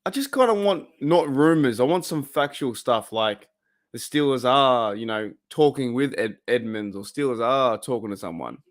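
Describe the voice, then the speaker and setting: An Australian man chatting away on a live stream while he watches football. His voice sits at an everyday middle pitch, and he rambles, reacts to plays out loud and laughs often. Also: lively intonation, normal speed. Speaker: livestream host of a football watch party. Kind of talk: casual live-stream chat.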